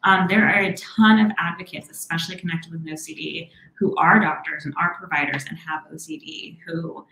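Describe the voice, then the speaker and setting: A woman therapist answering viewer questions on a live stream, encouraging and reassuring, often speaking quickly and then slowing herself down. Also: low voice, fairly even intonation, reverberant, rough recording. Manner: warm, encouraging, talks fast and slows herself down.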